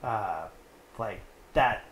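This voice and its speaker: A young man with a lowish voice recaps a film in a loose, rambling way, leaning on "like" between every thought. He sounds like he's in an echoey room, with a faint hiss underneath. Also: drawn-out words, fairly bright tone. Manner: rambling, heavy use of "like". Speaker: podcast host. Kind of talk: casual movie recap.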